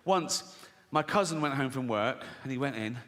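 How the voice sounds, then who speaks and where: A man's voice: mid-range voice, expressive, moderate pace, fairly bright tone. A man doing stand-up comedy, telling brash stories, swearing freely and laughing at his own jokes. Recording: long hall reverb, faint noise.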